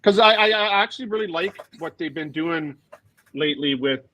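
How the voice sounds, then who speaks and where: A man co-hosting a fan podcast in casual chat, thinking aloud with many pauses and trailing sentences. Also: fairly high pitch, pushed and bright, no room sound. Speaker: podcast co-host.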